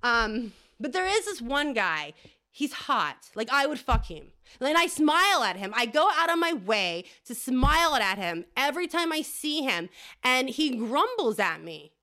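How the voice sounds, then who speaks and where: A woman's voice: high-pitched, big pitch swings, unhurried, pushed and bright. A woman podcast host doing a rambling, crude comedic monologue, often tagging "okay?".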